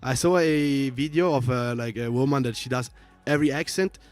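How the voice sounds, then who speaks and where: A man's voice: medium pitch, fairly even intonation, fairly quick, soft background music. A man from Italy, a native Italian speaker with a strong Italian accent, chatting casually on a livestream in a rambling, earnest way with many fillers. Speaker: stream co-host. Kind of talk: casual chat.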